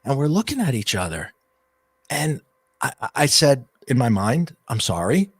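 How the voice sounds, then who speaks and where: A middle-aged man, a guest coach and author, telling a personal story in a rambling, animated way with frequent restarts. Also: medium pitch, normal speed, vocal fry, slightly rough, dry recording. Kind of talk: storytelling in an interview.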